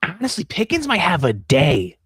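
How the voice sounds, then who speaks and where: A man's voice: fairly high pitch, wildly swooping pitch, a bit bright, slightly rough, dry recording, studio quality. A young man co-hosting a fantasy football livestream, joking and teasing while rattling off start and sit picks. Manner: joking, mocking, rapid-fire picks. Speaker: fantasy football stream co-host. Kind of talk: casual livestream banter.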